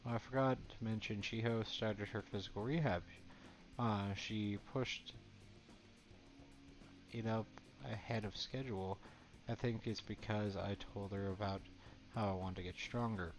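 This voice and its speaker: A man's voice: fairly low pitch, fairly even intonation, measured pace, close to an everyday voice. A man reading the lines of a cheerful teenage girl model aloud from a game, in his own plain voice. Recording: dull lo-fi, faint game music.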